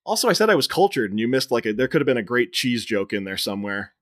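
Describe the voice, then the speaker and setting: A man's voice: medium pitch, big pitch swings, quick pace, fairly bright tone. A man in his thirties, a podcast co-host, casually retelling a film's plot scene by scene and laughing along. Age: 30s. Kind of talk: casual chat.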